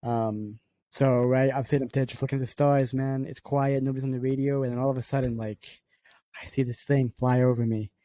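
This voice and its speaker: A man's voice: mid-range voice, little pitch movement, fairly quick, warm tone, a little hiss or hum. A man co-hosting a casual podcast, rambling through a story with lots of filler words. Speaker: podcast co-host and producer.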